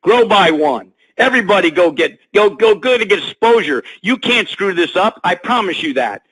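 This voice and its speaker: A man giving a pumped-up motivational speech on a conference call, talking loud and full of sports talk. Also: sits high, animated, moderate pace, breathy edge, rough recording. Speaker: guest speaker on a conference call. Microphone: phone.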